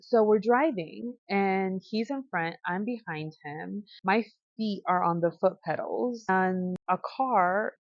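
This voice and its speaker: A woman's voice: mid-range voice, slow, hardly any pauses, dry recording, muffled recording. A woman from the United States telling a travel story in a casual storytime, slangy and swearing now and then. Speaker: vlogger.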